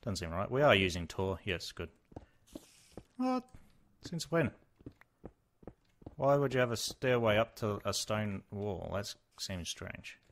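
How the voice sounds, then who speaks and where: A young man giving casual gameplay commentary, excitable, exclaiming and muttering to himself as he plays. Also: fairly low pitch, slow, long pauses. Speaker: Let's Play host.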